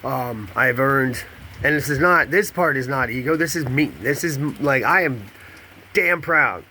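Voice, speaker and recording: A man's voice: medium pitch, sharp tone, a little hiss or hum. A man in a casual confessional monologue to a camera, rambling and candid, jumping between thoughts while he paces. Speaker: vlogger and podcast host.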